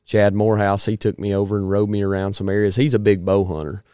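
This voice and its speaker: A man talks through a casual chat in a rambling, folksy way, pausing often to clear his throat. His voice sits low and sounds smooth and resonant. The recording is dry and close. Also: steady tone, warm tone, no echo.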